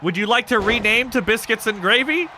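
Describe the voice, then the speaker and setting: A man commentating a game on a livestream, excitable and quick to laugh, swearing freely and shouting when things happen. His voice is very bright and a little high, with a lively, jumpy pitch. His nose sounds stuffy, and there is a faint hiss behind him. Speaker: streamer commentating a wrestling game.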